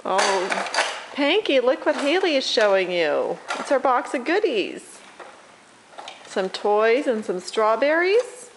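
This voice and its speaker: On a noisy home camcorder recording, a mother plays with her toddler in a room full of toys. Her slightly high voice is very animated and unhurried as she praises and coaxes the child in a sing-song way.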